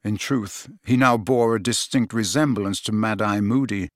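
Male audiobook narrator, steady and measured, dry close mic. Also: on the low side, dry recording. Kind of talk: scripted narration.

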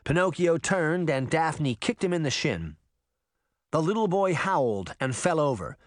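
Male audiobook narrator, lively pitch, dry close sound, mid voice. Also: a little slow, no room sound. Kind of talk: scripted narration.

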